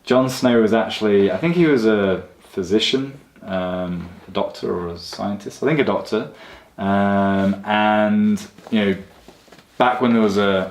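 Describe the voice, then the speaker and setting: A man's voice: lowish voice, a little mellow. Easygoing male host in an echoey room. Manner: rambling, easygoing storytelling. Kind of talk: casual chat.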